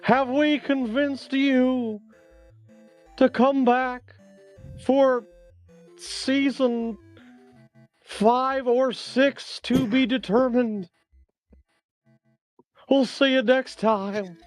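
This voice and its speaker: A man doing a slow, drawn-out impression of an old baseball announcer to sign off a podcast. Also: very high-pitched, fairly even intonation, a little mellow, soft background music, pitched above the performer's own voice, heavily acted. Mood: hammy sign-off. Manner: drawn-out, slow, sing-song delivery. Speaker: podcast co-host.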